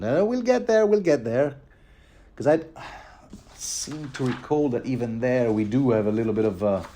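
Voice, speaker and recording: A man's voice: lowish voice, a little mellow. Rambling man commenting on a book. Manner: rambling and informal, with many fillers and self-corrections; playful asides.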